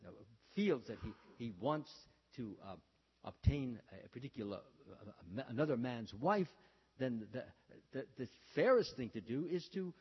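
A man giving a storytelling sermon, talking haltingly with many fillers and restarts, and acting out the lines he quotes. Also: medium pitch, husky. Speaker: religious speaker. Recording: dull, reverberant hall sound.

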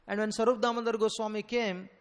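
A man with a notably high voice delivers a devotional lecture. He tells his stories earnestly and leans hard on the key words. His voice rings with a long reverb, as if recorded in a large hall. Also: little pitch movement, fast talker. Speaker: preacher.

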